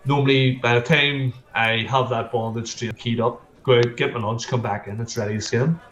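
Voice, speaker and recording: A man's voice: mid-range voice, steady tone, moderate pace, a bit bright, lo-fi sound. A man with a Northern Irish accent, a plasterer chatting as a guest, telling stories and repeating words as he goes. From Northern Ireland. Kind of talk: casual interview chat. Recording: echoey room.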